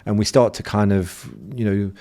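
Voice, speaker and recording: A middle-aged man, a hypnosis coach and podcast guest, telling an animated anecdote in conversational style and acting out the quotes. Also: on the low side, normal speed. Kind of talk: conversational storytelling.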